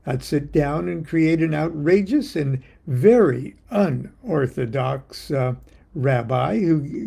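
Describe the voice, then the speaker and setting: An older man, an occult author, reading a poem and then talking in a wry, theatrical monologue with a gravelly, husky voice. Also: on the high side, warm tone.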